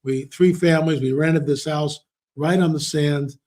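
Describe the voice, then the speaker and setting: A man's voice: fairly high pitch, steady tone, a little slow, a little mellow. A man speaking as an interview guest, telling stories emphatically and repeating words for stress. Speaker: interview guest, author and researcher. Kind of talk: conversational interview talk.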